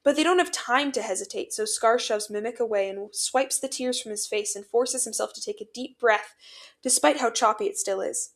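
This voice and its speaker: Woman narrating fanfiction, fairly high voice. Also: moderate pace. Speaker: fanfiction podcast reader.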